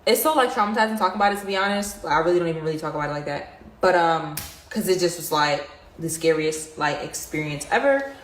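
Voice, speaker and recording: A woman's voice: deep voice, lively intonation, quick pace. A young woman casually telling her viewers an emotional story, rambling with many fillers. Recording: distant, very echoey room, faint noise.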